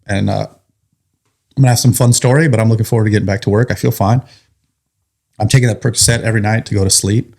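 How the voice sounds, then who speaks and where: A man's voice: fairly low pitch, steady tone, quick pace, vocal fry, pauses often, a little mellow. A firefighter telling his own story in a candid, vivid, plain-spoken way. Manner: candid and vivid, with blunt swearing. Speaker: firefighter guest. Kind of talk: personal storytelling.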